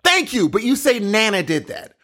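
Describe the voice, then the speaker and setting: A man's voice: high-pitched, very animated, moderate pace, bright, forceful tone. A man co-hosting a podcast, chatting and joking in a playful, sing-song way. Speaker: podcast co-host. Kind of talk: casual podcast banter.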